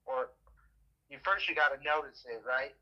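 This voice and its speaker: A man's voice: on the high side, moderate pace, muffled recording. A man in casual chat, telling stories in a rambling way, swearing freely and laughing often.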